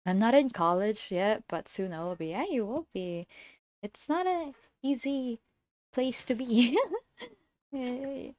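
A giggly, excitable young woman chats casually with her stream viewers in a fairly high voice. She often trips over repeated words. The sound is dry and close, with no room echo. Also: slow pace. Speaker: livestreamer. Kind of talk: casual livestream chat with viewers.

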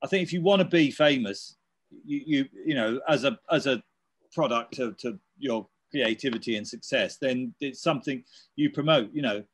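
A man in his fifties chats casually in an interview. He rambles and restarts, pads his talk with fillers, and speaks at a middle pitch. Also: normal speed, breathy edge. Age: 50s. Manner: rambling, many fillers and restarts, laughs while telling stories. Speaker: interviewee, electronic musician. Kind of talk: casual chat.

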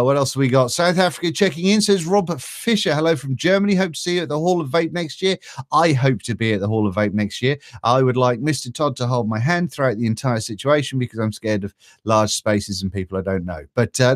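A man's voice: mid-range voice, no echo, clean studio sound. A man from Britain hosting a casual live stream, reading out viewer greetings with a chatty, jokey manner.

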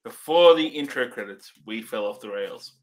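A man's voice: medium pitch, animated, normal speed. A man co-hosting a podcast, chiming in with brief, laid-back remarks. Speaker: podcast co-host. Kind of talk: casual podcast banter.

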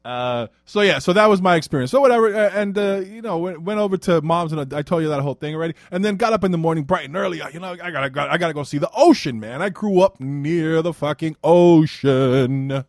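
A man's voice: on the high side, quick pace, few pauses, dry recording, clean studio sound. A man from Brooklyn with a Brooklyn New York accent, hosting his podcast in a casual, rambling monologue that swears freely and keeps trailing off. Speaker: podcast host.

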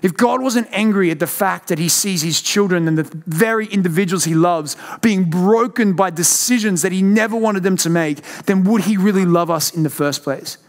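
High-voiced passionate man preaching. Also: moderate pace, hardly any pauses. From Australia. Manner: passionate preaching, swings between loud outbursts and hushed questions. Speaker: pastor. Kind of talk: sermon. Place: church.

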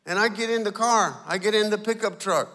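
A man preaching a sermon as a guest pastor, telling stories and acting out small scenes, sometimes dropping to a hushed, pleading tone. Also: high-pitched, brisk, long reverb tail. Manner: storytelling, acting out little scenes. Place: church sanctuary.

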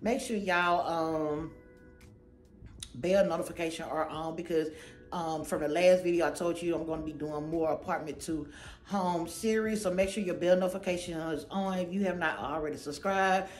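A woman's voice: lowish voice, moderate pace, darkish tone, reverberant, soft background music. A woman hosting her own channel, chatting casually and goofily to camera about a shopping haul, rambling with lots of slang. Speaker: channel host.

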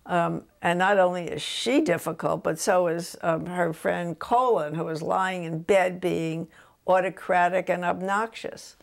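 An older woman author from New Jersey, telling stories about her books in a relaxed interview at home. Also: on the low side, unhurried, vocal fry. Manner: animated anecdotes, voices quotes of her son.

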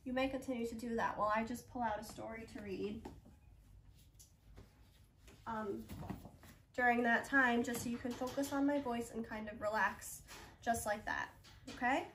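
High-voiced woman guiding kids' breathing. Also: fairly even intonation, a bit bright, recorded from a distance, a little hiss or hum. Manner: encouraging, coaxing, talks slowly to children. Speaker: children's yoga instructor at a library. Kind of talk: gentle guided breathing lesson for kids. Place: library room, indoors.

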